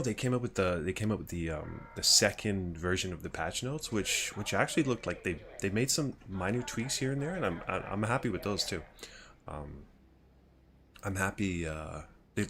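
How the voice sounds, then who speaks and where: A man's voice: on the low side, fairly bright tone, slight background noise. A man streaming a game live, chatting casually with viewers, swearing freely and rambling through his thoughts. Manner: chats with viewers. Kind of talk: live gameplay commentary.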